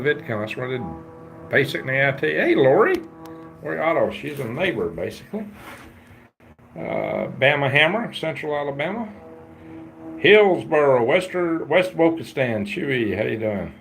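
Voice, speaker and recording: Man, fifties, gravelly livestream host, folksy and rambling. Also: a little high, very animated, normal speed, a bit bright, soft background music. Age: 50s. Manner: rambling, folksy, greets viewers and reads chat aloud. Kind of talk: casual livestream chat.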